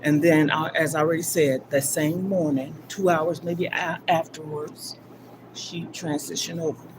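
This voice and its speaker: An older woman hosting a live stream, telling a personal story in a rambling, emphatic way, from loud bursts down to near-whispers. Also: low-pitched, steady tone, unhurried. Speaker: livestream host. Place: gym. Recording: livestream with clear background noise.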